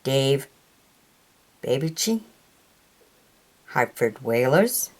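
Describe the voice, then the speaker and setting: Slow, low-voiced woman reading out cards. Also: very animated, darkish tone. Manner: reads names haltingly, stumbles on pronunciations. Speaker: hockey card collector. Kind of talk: slow read-out of trading cards.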